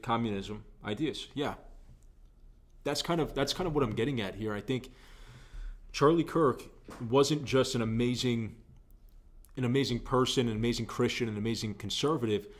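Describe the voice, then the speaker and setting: A young adult man hosting a political talk show, giving earnest, conversational opinion commentary and repeating phrases for emphasis. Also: mid-range voice.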